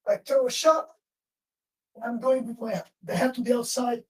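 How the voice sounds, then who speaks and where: A woman's voice: on the high side, steady tone, moderate pace. A woman teaching self-defense in a live class, giving short commands while she demonstrates moves. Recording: roomy echo from far off.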